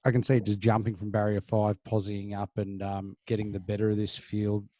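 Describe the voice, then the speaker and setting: A laid-back Australian man co-hosting a racing podcast, talking through form in a matter-of-fact way. His voice is low and mellow, never sharp. The sound is dry and close. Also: flat delivery, fairly quick, no room sound. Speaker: podcast co-host. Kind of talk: casual horse racing tips chat.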